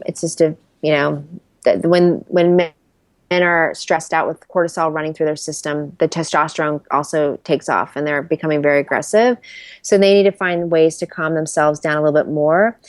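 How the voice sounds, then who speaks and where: A woman in her thirties, a career strategist, is an interview guest in a casual conversation, telling stories candidly and animatedly and acting out quotes. Her voice is low-pitched, with no echo.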